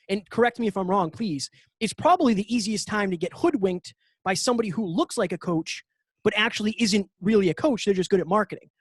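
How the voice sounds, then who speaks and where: A man co-hosting a podcast, a coach himself, who puts long, measured questions to his guest. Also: sits high, dry recording. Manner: measured, sets up questions at length. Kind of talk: interview questions.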